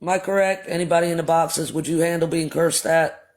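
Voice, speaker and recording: A man's voice: fairly high pitch, steady tone, a little fast, slight background noise. A man hosting a livestream who tells a story in a casual, blunt, profane way and talks straight to his viewers. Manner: blunt and profane, addresses chat as y'all. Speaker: livestream host.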